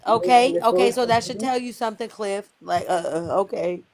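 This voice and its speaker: A man chatting casually on a video call from outdoors, loud and animated, full of slang, calling out to his cat. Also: sits high, moderate pace, a loud crowd. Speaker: caller in a group video chat. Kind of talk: casual chat.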